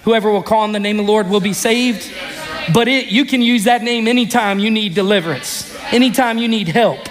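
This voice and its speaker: A man preaching a sermon as pastor, telling stories with energy and breaking into sudden shouts. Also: high-pitched, fairly quick. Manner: animated storytelling, bursts into shouts. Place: church sanctuary. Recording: reverberant hall.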